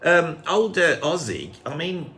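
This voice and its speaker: Animated English man hosting a chat. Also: a little high, a little slow. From England. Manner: animated, jokey, rambling. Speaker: host. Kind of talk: casual chat.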